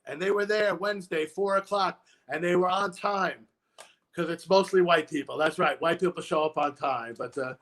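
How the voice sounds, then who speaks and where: A male comedian with a higher-than-usual voice spins rambling stories, building to punchlines in a stand-up manner. His delivery is loose and conversational. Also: a bit bright. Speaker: comedian guest. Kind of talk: stand-up style chat.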